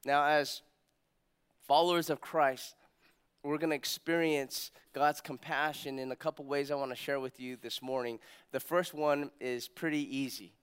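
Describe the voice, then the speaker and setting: A man preaching a sermon as pastor, telling stories with energy and dropping to hushed emphasis on key points. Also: a little high, normal speed, clean tone. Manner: animated storytelling, acts out quotes, drops to hushed emphasis.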